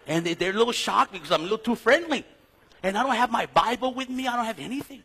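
A middle-aged man teaching a Bible class in a lively sermon style, telling stories and acting out conversations. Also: very high voice, fast, husky. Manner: animated storytelling, acts out conversations, frequent restarts.

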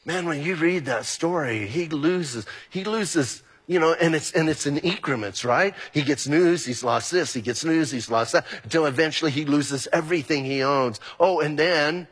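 Male pastor, husky slightly high voice, lively sermon delivery, long hall reverb. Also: normal speed, hardly any pauses. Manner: animated, acts out quoted exchanges.

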